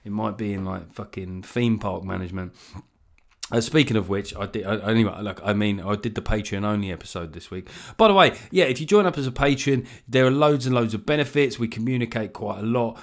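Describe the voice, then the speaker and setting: A man's voice: fairly low pitch, a little fast, creaky. A middle-aged man hosting a podcast solo, rambling through jokey, swear-filled asides into a mic that sometimes clips. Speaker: podcast host. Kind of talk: solo comedic monologue. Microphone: gain set too high, clipping at times.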